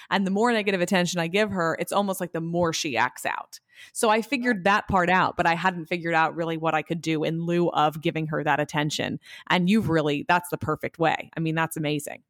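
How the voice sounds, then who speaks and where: A woman's voice: lowish voice, steady tone, fairly quick, a bit bright, dry recording, clean studio sound. A woman in casual conversation, reflecting on her children and asking for advice. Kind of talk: casual chat.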